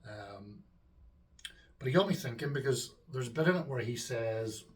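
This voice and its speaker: A man's voice: mid-range voice, lively intonation, moderate pace, distant mic. A man with a Northern Irish accent hosting his own homebrewing channel, chatting casually to viewers with lots of ums and asides. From Northern Ireland. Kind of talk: casual chat to camera.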